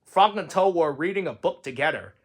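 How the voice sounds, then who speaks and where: A man's voice: on the high side, animated, a little fast. Man reading a children's storybook aloud. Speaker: reader.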